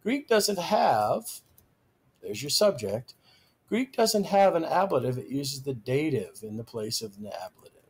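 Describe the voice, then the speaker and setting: A man teaching a recorded grammar lecture, slow and deliberate, stressing each key term. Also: mid-range voice, sing-song, a little mellow, slightly rough.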